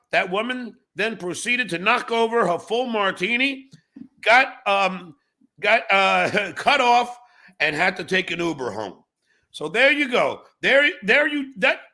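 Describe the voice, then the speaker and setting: A middle-aged man hosts a livestream, mixing storytelling and political talk with plenty of profanity and stammering false starts. His voice sits high and sounds pushed and bright.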